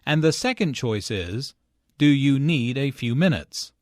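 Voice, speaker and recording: A man narrating a scripted English lesson in a slow, clear, even delivery. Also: medium pitch, no room sound, clean studio sound. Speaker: English teacher.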